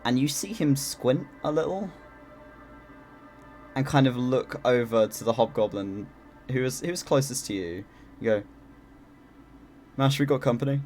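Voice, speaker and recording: A man's voice: medium pitch, normal speed, pauses often, a little mellow, faint music behind. A man running a tabletop game as game master, narrating casually with many fillers.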